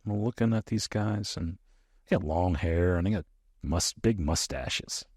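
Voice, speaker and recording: Husky low-voiced man telling war stories. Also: normal speed, no room sound, clean studio sound. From United States. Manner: animated storyteller, acts out quoted dialogue. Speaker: guest, former soldier. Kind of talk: casual storytelling in an interview.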